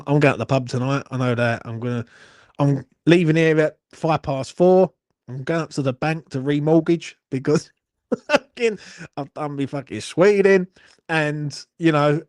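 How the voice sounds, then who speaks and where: A man's voice: mid-range voice, no room sound, clean studio sound. A young man hosting a live watchalong stream, chatting in a rambling, sweary, self-mocking way into his phone. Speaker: watchalong host. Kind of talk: casual live-stream chat.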